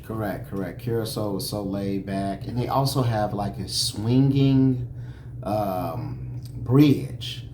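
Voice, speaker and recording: A man's voice: fairly low pitch, slow pace, warm tone. A laid-back man from Chicago co-hosting a travel vlog, rambling casually about the trip. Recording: roomy echo with background noise.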